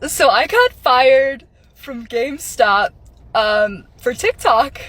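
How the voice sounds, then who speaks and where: A woman's voice: high-pitched, lively intonation, fairly bright tone. A young woman in a casual vlog, sarcastically telling how she was fired from her retail job. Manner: sarcastic, laughing, quick asides.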